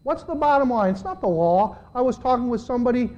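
A male pastor preaching a sermon. He speaks conversationally, questions the congregation directly, and swings between quiet and loud. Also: extremely high pitch, expressive, quick pace, highs cut off. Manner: dramatic, with big swings in loudness.

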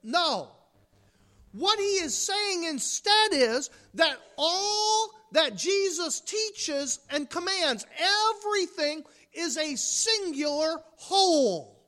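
A woman's voice: very high-pitched, expressive, slow, bright, forceful tone. A woman from the United States preaching a sermon, emphatic, with rhetorical questions and mocking asides.

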